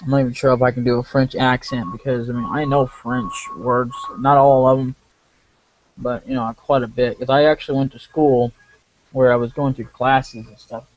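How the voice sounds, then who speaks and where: A man's voice: medium pitch, little pitch movement, normal speed. A man giving rambling, casual commentary over a game he plays, full of asides and restarts. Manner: rambling, many fillers and restarts. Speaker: let's play commentator. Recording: muffled lo-fi with faint hiss.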